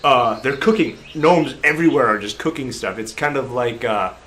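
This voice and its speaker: A man narrating a tabletop game as game master, animated and laughing, breaking into loud crowd voices. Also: medium pitch, normal speed.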